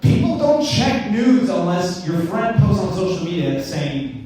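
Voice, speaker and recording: A man's voice: high-pitched, very animated, a little slow, warm tone, faint music behind. Self-mocking young male stand-up comic, echoey. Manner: rambling, self-deprecating, with stammered restarts. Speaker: stand-up comedian. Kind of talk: stand-up comedy set. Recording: echoey room, mic heard from a distance.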